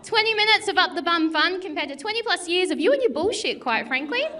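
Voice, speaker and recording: A woman's voice: extremely high pitch, expressive, quick pace, sharp tone. A woman comedy contestant, frank and crude, telling jokes and then chatting about her past shows. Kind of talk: stand-up then interview.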